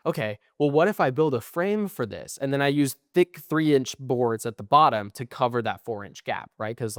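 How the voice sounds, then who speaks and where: A tired young man co-hosting a podcast, telling long, profane, rambling stories and trailing off quietly at the ends of phrases. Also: mid-range voice, dry recording, studio quality. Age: young adult. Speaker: podcast co-host. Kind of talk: casual chat.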